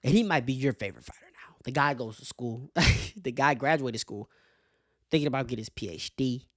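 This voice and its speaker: A man hosting a casual sports commentary show, animated and profane, laughing often as he makes his case. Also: mid-range voice, fairly quick, dry recording, clean studio sound. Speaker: show host.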